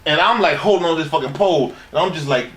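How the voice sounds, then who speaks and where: Brief: male interview guest, higher voice, crude rambling stories, echoey room. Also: fast talker, a bit bright, a little hiss or hum. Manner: crude, rambling, laughs through his stories. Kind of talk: profane shoot-interview storytelling.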